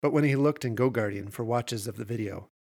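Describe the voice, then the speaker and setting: Gravelly man reading horror fiction. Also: medium pitch, a little mellow. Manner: measured storytelling. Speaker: narrator.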